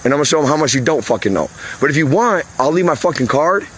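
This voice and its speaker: A man's voice: fairly high pitch, lively intonation, fast, a little hiss or hum, poor audio. A man talking outdoors on a roof as a roofing contractor, blunt and heated, cursing freely in a casual vlog. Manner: blunt, heated, swears a lot. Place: outdoors on and near a house roof.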